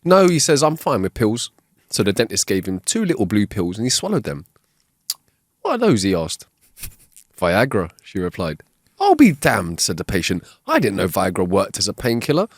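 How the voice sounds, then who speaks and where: A man's voice: fairly low pitch, moderate pace, no room sound, studio quality. A man co-hosting a casual podcast, reading jokes aloud and voicing the characters in them. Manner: reads jokes with voiced characters, animated. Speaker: podcast co-host. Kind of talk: casual joke-telling chat. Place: home studio. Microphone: wireless clip-on mic.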